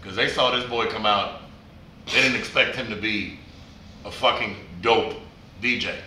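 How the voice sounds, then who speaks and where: A man's voice: lowish voice, steady tone, unhurried, bright, forceful tone. A man DJ in a casual interview, joking and swearing as he acts out dialogue in his stories. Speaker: DJ guest. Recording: echoey room, slightly distant, faint noise.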